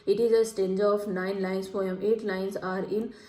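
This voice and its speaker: A woman works through exam questions in a study lecture. She reads each option aloud and then repeats the right answer slowly. Her voice is mellow and flat, and the room is echoey. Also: medium pitch. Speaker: teacher.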